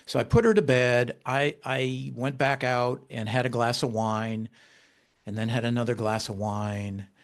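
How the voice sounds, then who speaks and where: Male author guest, mid-range voice, candid halting storyteller who perks up when quoting himself. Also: medium pitch, fairly even intonation. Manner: halting, with frequent restarts. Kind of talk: personal storytelling in conversation.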